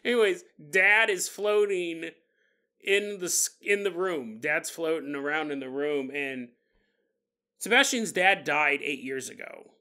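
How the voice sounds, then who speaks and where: Мужчина-ведущий подкаста, яркий шутливый голос. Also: male voice, on the high side, measured pace, pushed and bright. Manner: jokey, laughs at his own asides, acts out quotes. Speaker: podcast host. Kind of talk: casual storytelling monologue.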